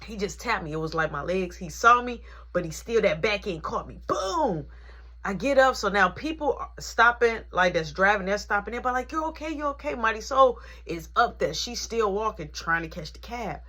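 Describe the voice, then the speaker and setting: A woman telling a personal story in a casual, animated, conversational way. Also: medium pitch, moderate pace. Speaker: vlogger.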